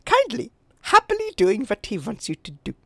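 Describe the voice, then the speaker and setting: A cruel young woman enforcer hisses her threats in a low, menacing whisper, as a podcaster puts her on. This is whispered role-play, and the sound is close and dry. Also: wildly swooping pitch, moderate pace, bright, forceful tone, dry recording, full character voice.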